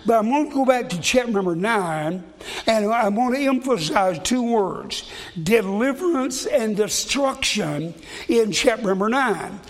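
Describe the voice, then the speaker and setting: High-voiced preacher in a reverberant hall. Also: male voice, lively intonation, unhurried. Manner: folksy, repeats and restarts words. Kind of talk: sermon with scripture reading.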